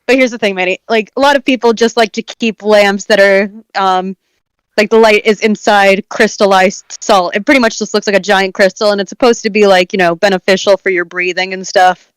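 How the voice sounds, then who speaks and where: A woman's voice: mid-range voice, fairly even intonation, brisk, smooth, no echo, low-quality recording. A woman chatting casually with friends, blunt and sarcastic, swearing freely. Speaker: friend on a group call. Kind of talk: casual chat.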